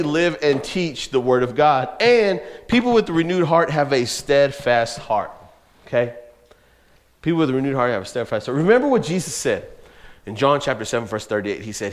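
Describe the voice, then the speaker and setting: A man preaching a youth sermon, telling a story with lively, laughing energy and talking straight to the young listeners. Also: medium pitch. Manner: animated storytelling, laughs often, addresses listeners as bro. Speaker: youth pastor.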